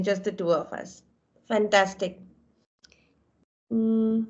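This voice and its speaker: A woman's voice: a little high, extremely slow, pauses often. Effusive woman teaching an online class. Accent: Indian English. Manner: encouraging, effusive praise, calls out names. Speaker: webinar instructor. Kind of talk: live online class, reviewing student work. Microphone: video call. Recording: dull lo-fi video call audio.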